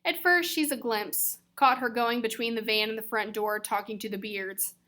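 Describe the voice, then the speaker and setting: Bright-voiced woman narrating an audiobook. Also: fairly high pitch, fairly even intonation, moderate pace. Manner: casual, slangy storytelling as a teenage boy. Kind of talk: first-person audiobook narration.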